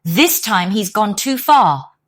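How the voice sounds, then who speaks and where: A woman voicing a brave, bossy male donkey in a storybook reading, speaking in a steady, protective way. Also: medium pitch, slow pace, no room sound, clean studio sound, voice pushed up. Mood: indignant.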